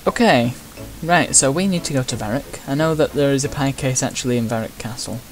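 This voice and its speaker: A man's voice: medium pitch, brisk. A man giving casual, chatty gameplay commentary with wry asides. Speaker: gamer.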